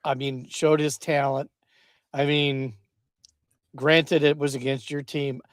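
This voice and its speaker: A man co-hosting a casual sports podcast, speaking in an earnest, measured way and hedging with fillers. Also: mid-range voice, little pitch movement, dry recording, studio quality. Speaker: podcast co-host.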